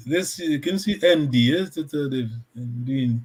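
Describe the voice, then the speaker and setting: A man's voice: medium pitch, measured pace, few pauses, a little mellow. A man teaching a language lesson over a video call, patiently checking that his students follow.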